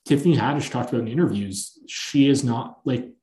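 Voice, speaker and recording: Male podcast host, mid-range voice, animated storyteller, roomy echoey sound. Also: medium pitch, a little fast. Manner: animated, long-winded anecdote telling. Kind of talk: casual film-discussion chat. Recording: echoey room.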